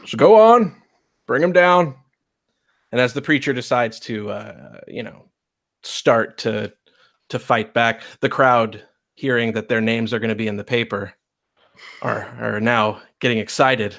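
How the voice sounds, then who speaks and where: A man's voice: fairly low pitch, steady tone, a little slow, gravelly, fairly bright tone. A man narrating as game master in a tabletop western game, casual and prone to correcting himself. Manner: casual, storytelling, frequent self-corrections.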